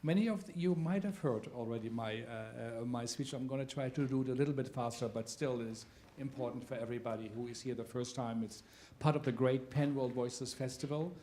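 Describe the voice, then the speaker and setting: A man who directs a theater center, giving a welcome speech to an audience in a theater, halting often with filler sounds. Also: mid-range voice, mellow, slight background noise. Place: theater venue.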